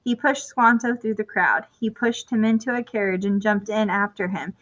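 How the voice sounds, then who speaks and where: A woman reading a children's chapter book aloud at a clear, even storytelling pace. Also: mid-range voice, normal speed, low-quality recording. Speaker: storybook reader.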